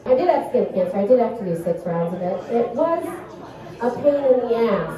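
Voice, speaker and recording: A woman delivers a rambling, self-deprecating stand-up set in a slightly high voice. She sounds far from the microphone, and the small club around her rings with a heavy echo. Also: very animated, a little fast, a crowd in the background. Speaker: comedian. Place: small comedy club stage. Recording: echoey club heard from a distance.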